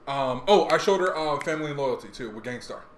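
A young man hosting a podcast, chatting casually in a rambling, animated way with lots of fillers. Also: medium pitch, fast. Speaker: podcast host. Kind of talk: casual chat. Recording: echoey room, faint noise.

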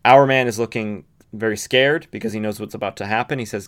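A male podcaster recaps a comic book story in a relaxed, chatty way, peppering his speech with fillers and asides. His voice sits low and sounds smooth and resonant. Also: brisk, few pauses. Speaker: podcast host.

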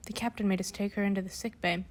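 A grieving father speaks firmly and sadly, trying to keep calm, as a woman reading the storybook puts him on. The voice stays close to the reader's own. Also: mid-range voice, quick pace, lightly acted. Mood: sorrowful. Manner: firm, sorrowful. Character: grave, grieving family-friend father.

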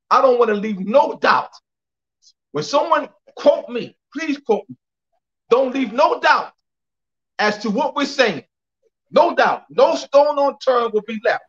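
A man's voice: very high-pitched, a bit bright, muffled recording. A man giving an emphatic lecture on a call, repeating phrases for clarity and spelling out names letter by letter. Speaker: guest speaker.

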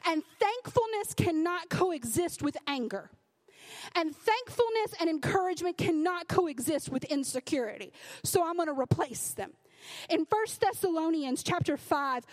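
High-voiced woman preaching with emphasis. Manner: conversational, emphatic, frequent "right?" asides. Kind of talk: sermon.

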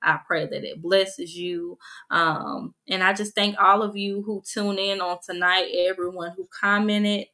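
Bright-voiced young woman podcast host. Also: mid-range voice, steady tone, unhurried, poor audio. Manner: conversational, earnest, sermon-like encouragement. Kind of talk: casual faith podcast livestream.

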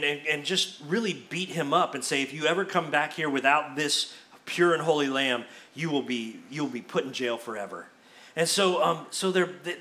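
A man gives a sermon in a bright, ringing voice that sits a little high. He preaches conversationally, slipping into casual asides as he explains scripture to his congregation. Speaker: pastor.

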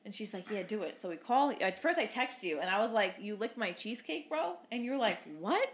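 A woman's voice: medium pitch, lively intonation, fairly quick. A young woman co-hosting a podcast, telling a story in casual chat, swearing freely and acting out quotes in a raised voice. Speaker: podcast co-host.

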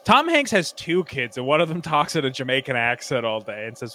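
Bright-voiced man in casual banter. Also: mid-range voice, big pitch swings, fairly quick. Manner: rambling, full of "like", bursts into goofy impressions. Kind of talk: casual comedic chat.

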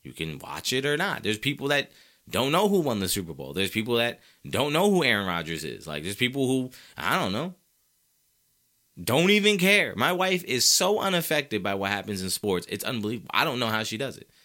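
A man delivers opinionated sports commentary as a show host, worked up and ranting. His pitch swings widely. His tone is forceful and tense, and he drives each point home by repeating it. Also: sing-song, fairly quick. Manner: ranting, fired up; emphatic repetition.

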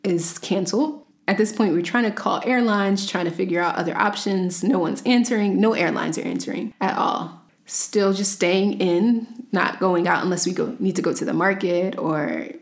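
A woman's voice: mid-range voice, normal speed, hardly any pauses. A woman from the United States telling a personal story in a casual, chatty way, full of "like" and acted-out dialogue. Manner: chatty, peppered with "like", acts out dialogue.

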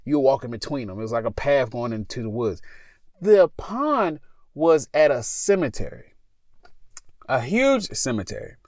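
Rambling man with a lively, bouncing voice. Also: mid-range voice, moderate pace, no echo, studio quality. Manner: rambling and animated, stops to correct himself. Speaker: podcast co-host telling a scary story. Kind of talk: casual storytelling chat. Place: parked car.

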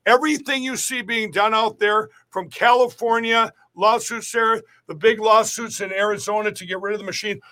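Middle-aged male guest, high and bright-voiced, rambling, emphatic, restarts a lot. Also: steady tone, moderate pace, few pauses. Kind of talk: podcast interview talk.

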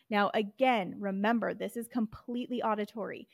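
A woman's voice: mid-range voice, normal speed, no echo. A woman hosting a podcast and teaching reading, explaining step by step and modelling letter sounds. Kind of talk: instructional explanation.

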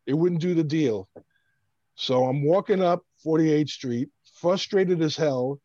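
A man from Brooklyn, New York, tells a casual story with lively energy, stumbling over and restarting his words. His voice sits a little high for a man. The sound is dull and dry. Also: measured pace, dry recording. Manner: animated, stammering restarts. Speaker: bass player guest.

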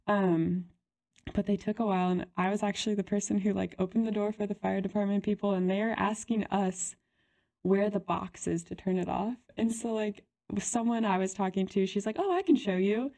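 Gravelly-voiced young woman telling a story. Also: mid-range voice, little pitch movement, moderate pace, warm tone. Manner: chatty, lots of "like" and giggles. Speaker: podcast co-host. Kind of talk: casual storytelling chat.

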